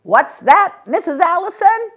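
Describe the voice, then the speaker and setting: A woman reading aloud, voicing a blunt, suspicious rural male shopkeeper who speaks loudly. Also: on the low side, big pitch swings, normal speed. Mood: blunt, stubborn.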